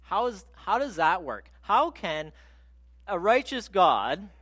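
A man voicing an indignant male prophet who argues with God in a high, exasperated complaining voice. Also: sing-song, slow, fairly bright tone, full character voice. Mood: incredulous.

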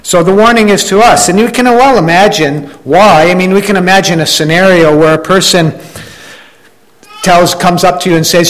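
A man with a slightly high voice preaches a sermon in an easygoing, conversational way. He talks it through with the congregation, often restarting his phrases. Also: normal speed, fairly bright tone, poor audio. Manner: conversational preaching with frequent restarts and "you know"; acts out quoted complainers in a raised voice. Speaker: pastor.

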